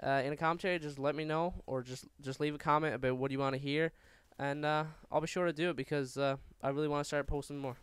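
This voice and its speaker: Rambling Newfoundland guy, very clear voice. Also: fairly high pitch, fairly even intonation, no room sound. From Newfoundland, Canada. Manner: rambling, stumbling, full of fillers; talks fast by habit. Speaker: gaming channel host. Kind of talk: casual rant over gameplay commentary.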